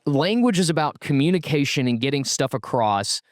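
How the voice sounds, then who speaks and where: A man from Mississippi with a light Southern drawl, co-hosting a casual podcast, talking quickly with lots of restarts and a broadcaster's inflection. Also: fairly high pitch, animated, no room sound, clean studio sound. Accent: soft Southern US drawl, toned down. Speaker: podcast co-host and TV sports broadcaster.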